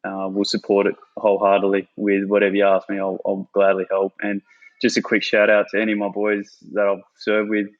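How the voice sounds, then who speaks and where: This podcast guest, a former army sniper with an Australian accent, speaks briskly in a low voice with completely flat delivery over lo-fi sound. He's laid-back, swears a lot, and keeps saying "mate."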